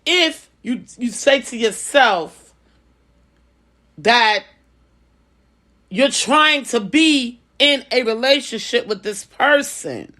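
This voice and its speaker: A woman's voice: fairly high pitch, animated, takes it slowly, long pauses, bright, forceful tone. A woman in a casual vlog, giving life advice in a conversational, preaching way and often repeating phrases. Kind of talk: casual personal talk.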